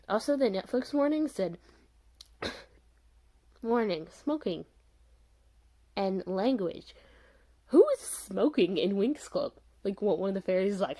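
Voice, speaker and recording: A woman's voice: medium pitch, expressive, takes it slowly, pauses often, dark tone. Exasperated young woman ranting casually. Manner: exasperated, rambling with fillers and laughs. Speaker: vlogger reviewing a show.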